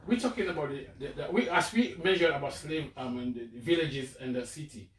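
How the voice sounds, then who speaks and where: A man's voice: fairly high pitch, fairly quick, slight background noise. A man in a casual discussion, emphatic and repeating phrases to drive his point. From Africa. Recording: echoey room, distant mic, faint ambience.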